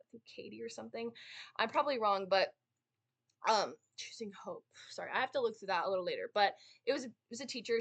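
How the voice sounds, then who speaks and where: A woman's voice: a little high, a bit bright. A young woman giving a casual lesson on dramatic interpretation, chatty and full of fillers, often asking "right?". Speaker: speech and debate student teaching.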